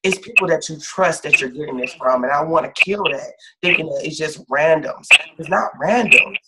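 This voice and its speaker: Brief: higher-pitched male life coach, emphatic and repetitive, heavy background noise with clicks. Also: normal speed. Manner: emphatic, repeats phrases for stress. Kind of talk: supportive one-on-one talk.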